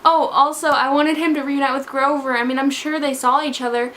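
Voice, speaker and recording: A woman's voice: high voice, steady tone, fairly quick, a bit bright, slight background noise. A woman talking through a book she loved in a casual vlog, gushing, scatterbrained and emotional as she jumps between parts. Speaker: book vlogger.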